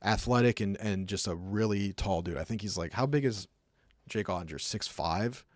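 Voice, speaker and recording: A man's voice: lowish voice, normal speed, no room sound. Chatty young man breaking down hockey. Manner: chatty, rambling, acts out sounds, many fillers. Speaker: streamer breaking down hockey clips. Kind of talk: casual commentary.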